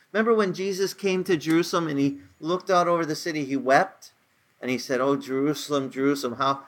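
A man's voice: fairly high pitch, a bit bright. A man in his sixties preaching a casual, conversational sermon, telling stories with rising emphasis. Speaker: pastor.

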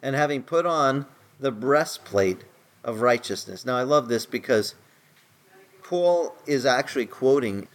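Middle-aged man preaching a lively sermon. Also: a little slow. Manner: conversational preaching, rises in pitch for emphasis. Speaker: pastor.

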